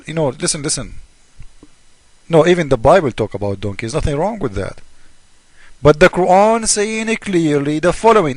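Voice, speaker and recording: Man, fairly high voice, emphatic and mocking, broken English, dry close recording. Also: lively intonation, moderate pace, no echo. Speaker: video commentator. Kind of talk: casual polemic monologue.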